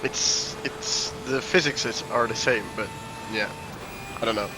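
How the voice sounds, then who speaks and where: Slow-spoken man, noisy background. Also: medium pitch. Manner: slow, brief, hesitant replies. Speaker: guest racing driver. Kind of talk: casual chat. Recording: noticeable background noise.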